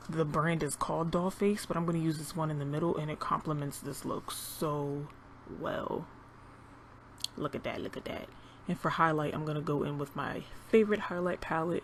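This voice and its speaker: A young woman talking casually as a beauty vlogger, walking through her makeup routine in a chatty, relaxed way. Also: low-pitched, slight background noise. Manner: chatty, relaxed, talks while applying makeup. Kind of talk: casual makeup tutorial narration.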